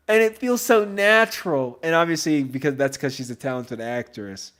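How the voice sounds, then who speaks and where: A man hosts a podcast in loose, casual chat. His voice sits a little high for a man. He rambles excitably and leans on fillers as he goes. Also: unhurried. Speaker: podcast host.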